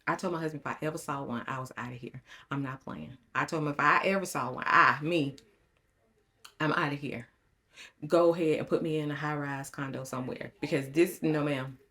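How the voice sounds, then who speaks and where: Low-voiced woman vlogging. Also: fairly quick. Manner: animated, dramatic storytelling with repeated phrases. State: shaken, voice trembling. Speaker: lifestyle vlogger. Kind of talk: casual vlog talk to viewers.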